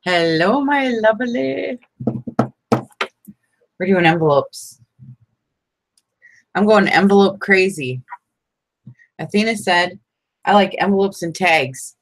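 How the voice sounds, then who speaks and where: Her mid-range voice is expressive and slow, with long pauses, as she casually talks viewers through making envelopes. This crafting vlogger laughs a lot and names her viewers directly; the audio quality is poor.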